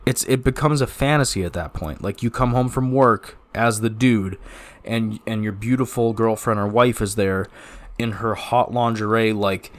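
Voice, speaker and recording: A man co-hosting a casual podcast chat, animated and cursing freely, breaking into cartoonish sound effects. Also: fairly low pitch, normal speed. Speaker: podcast co-host.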